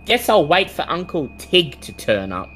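A woman's voice: deep voice, very animated, normal speed, soft background music, voice pushed up. A woman voicing an eerie little girl of about seven who talks in a playful sing-song. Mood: petulant.

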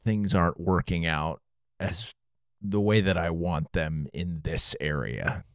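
A man's voice: low-pitched, slow pace, clean tone, no room sound, studio quality. A man co-hosting a faith podcast, musing thoughtfully and trailing off now and then. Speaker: podcast co-host.

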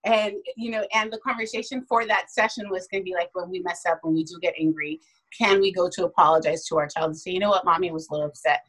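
A woman's voice: fairly low pitch, steady tone, fast, fairly bright tone, poor audio. A woman chatting casually about parenting, telling stories and acting out little quoted voices along the way. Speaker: parenting guest. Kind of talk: casual podcast chat.

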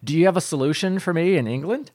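A man co-hosting a comedy podcast, playing the deadpan questioner in the bit. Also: fairly high pitch, quick pace, no echo, clean studio sound. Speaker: podcast co-host. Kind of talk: casual comedy chat.

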